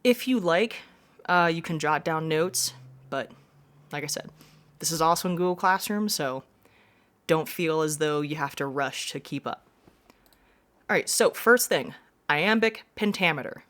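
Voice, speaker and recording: A woman's voice: sits low, measured pace, long pauses, fairly bright tone. A woman teacher giving a classroom lesson, explaining step by step with frequent reminders.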